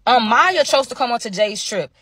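A young woman telling a story in a casual, slangy, animated way, dramatizing each twist. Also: fairly high pitch, normal speed, breathy edge, dry recording, clean studio sound. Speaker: storytime vlogger.

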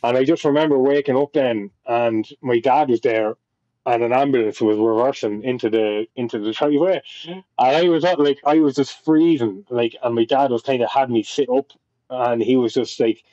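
A young Irish man with a mellow, darker voice tells a personal story in a loose, rambling way. He swears often and keeps restarting his sentences. The sound is dry and slightly dull, like a lo-fi podcast mic. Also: medium pitch, steady tone, moderate pace, no room sound. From Ireland. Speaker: podcast guest. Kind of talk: casual storytelling.

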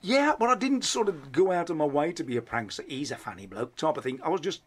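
A man's voice: a little high, big pitch swings, quick pace. Rambling Black Country man telling stories. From Black Country, England. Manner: rambling, self-deprecating storyteller with restarts. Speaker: comedian guest. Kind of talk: casual interview chat.

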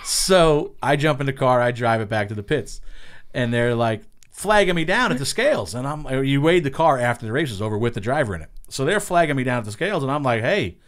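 A middle-aged racing spotter from Long Island, New York, tells casual, profane stories, animatedly acting out what people said. His voice sits at a medium pitch and moves briskly.

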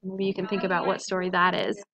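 A woman teacher reading a children's picture book aloud in a clear, gentle storytelling voice. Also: lowish voice, little pitch movement, quick pace, rough recording.

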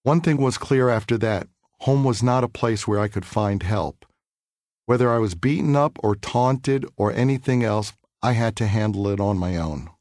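A man from New York City reading his own memoir aloud for an audiobook, in a measured, earnest and reflective way. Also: lowish voice, darkish tone, no room sound, studio quality.

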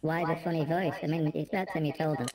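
A woman co-hosting a live stream, relaxed and reminiscing as she relays the chat. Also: sits low, fast talker, crowd noise. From United Kingdom. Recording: noisy line.

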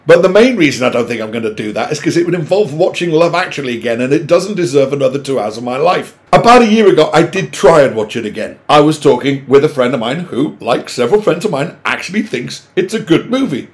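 A middle-aged man, talking to camera in an exasperated, sweary rant with sudden loud outbursts. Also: on the high side, lively intonation, quick pace, hardly any pauses. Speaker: vlogger. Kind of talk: opinionated monologue to camera.

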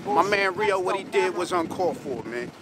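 An actor playing the comedian's defensive friend, who talks in street slang and shouts. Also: male voice, high voice, lively intonation, moderate pace, noisy background.

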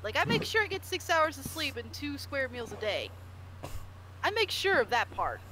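A woman hosting a casual stream chat, animated and giggly, quick to joke. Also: high-pitched. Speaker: stream host. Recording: noisy background.

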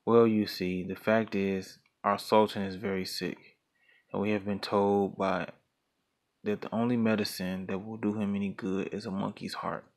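A man's voice: fairly low pitch, little pitch movement, normal speed, natural voice. A man voicing a gullible, eager male shark in a folktale reading, pleading earnestly.

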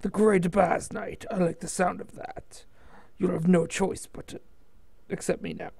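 A man's voice: sits high, flat delivery, measured pace, creaky, darkish tone, breathy edge, no room sound, full character voice. A man voicing a cocky, boastful male rogue knight with a swaggering, mocking manner.

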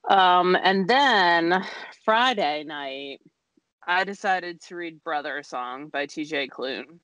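A woman's voice: lowish voice, expressive, slow, a bit bright, no room sound. Giggly rambling woman podcaster. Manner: giggly, rambling with many fillers. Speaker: podcast co-host. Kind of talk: casual chat.

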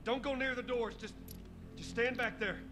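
Game father, middle-aged, tense, clipped orders, loud score behind. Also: very high voice, steady tone, normal speed, music in the background. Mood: worried.

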